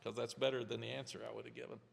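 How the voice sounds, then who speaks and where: A man in his seventies, a head coach answering press questions candidly, rambling with restarts in a gravelly voice. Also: medium pitch, little pitch movement, racing, in a large hall. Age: 70s. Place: press conference room.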